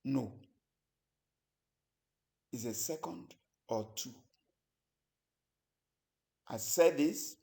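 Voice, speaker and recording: Male instructor, unhurried lecture delivery, measured pauses, mid-pitched voice. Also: lively intonation, gravelly, mellow. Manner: deliberate, pausing between phrases. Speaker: public speaking instructor.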